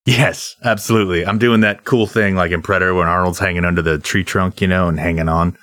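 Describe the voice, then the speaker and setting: A rowdy player at a tabletop game who swears and laughs freely. His voice is bright and cuts through. The sound is close and dry. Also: deep voice, steady tone, quick pace, dry recording.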